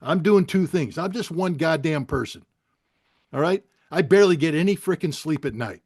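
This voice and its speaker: A man on a video call giving an impassioned speech, angry, blunt and profane, at times rising close to a shout. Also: a little high, animated, moderate pace, no echo. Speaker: guest speaker on a video call.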